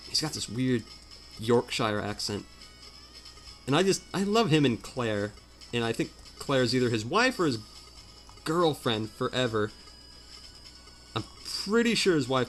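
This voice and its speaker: Recorded in a home room with soft music in the background, a man narrates his game playthrough in loose, rambling chat. His medium-pitched, fairly bright voice swings widely in pitch, moves at a moderate pace, and pauses often, while he runs himself down and leans on fillers.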